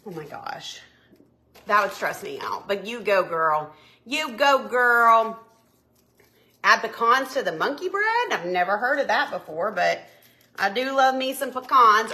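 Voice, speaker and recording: A woman's voice: medium pitch, animated, unhurried, sharp tone, slight background noise. A young woman, chatting bubbly and friendly with viewers while cooking live in her home kitchen. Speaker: home cooking livestream host. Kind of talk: casual live cooking chat.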